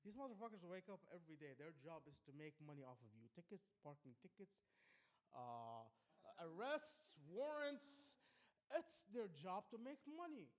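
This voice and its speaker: A man doing a rambling stand-up set, profane and defiant, swinging between loud outbursts and low muttering. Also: very animated, moderate pace. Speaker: stand-up comedian. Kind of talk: rambling open-mic stand-up rant. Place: small comedy club.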